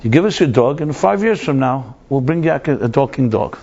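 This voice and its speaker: Shrewd old sage, calm and sure of himself, voice pitched up, put on by a male storyteller; lo-fi sound. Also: fairly quick, creaky, husky. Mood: sly, confident.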